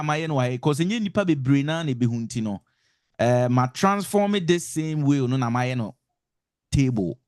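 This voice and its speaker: A man's voice: a little high, no room sound, studio quality. A man with a Ghanaian accent giving an informal lecture on emotions to couples, switching between Twi and English and repeating words for emphasis. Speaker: relationship teacher.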